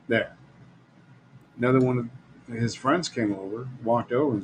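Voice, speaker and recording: A middle-aged man talks through a casual live-stream monologue in a blunt, rambling way, laughing often as he goes. His voice sits at an ordinary middle pitch. A faint hiss of background noise runs under it. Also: normal speed, long pauses, low-quality recording. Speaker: live show host. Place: Las Vegas.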